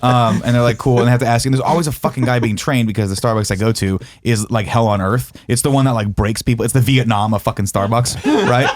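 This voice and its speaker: Fast-talking man telling a rant story. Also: mid-range voice. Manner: profane, animated, acts out his own ranting. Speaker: podcast co-host. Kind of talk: casual storytelling chat. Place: studio.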